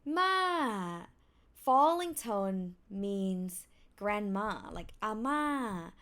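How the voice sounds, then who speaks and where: Young thai-accented woman teaching a language lesson, a bit high-pitched, drags out each tone nice and slow. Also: animated, a bit bright. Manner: slow, careful, drawn-out tone demonstrations.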